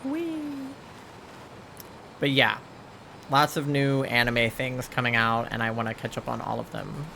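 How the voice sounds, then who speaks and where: A man's voice: mid-range voice, flat delivery, moderate pace, vocal fry, pushed and bright, a little hiss or hum. A young man livestreaming a game, chatting casually into a headset mic with a rambling, filler-heavy manner. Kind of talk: casual chat while gaming.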